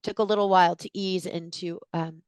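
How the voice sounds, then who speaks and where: A woman in her forties, a guest in an interview, telling a personal story in an animated way and acting out what people said. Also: lowish voice, brisk, clear, resonant tone, dry recording. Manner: animated storyteller, acts out quotes with gasps.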